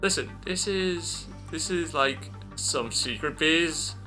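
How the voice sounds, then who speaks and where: A man's voice: a little high, slow, pushed and bright, soft background music, voice pushed up. A man voicing a flustered young female punk hero who stammers in a raised voice.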